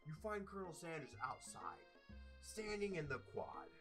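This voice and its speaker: A man playing a dating game, reading the text aloud in a playful, exaggerated way with sudden loud bursts. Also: fairly high pitch, wildly swooping pitch, normal speed, soft background music. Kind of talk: let's play commentary.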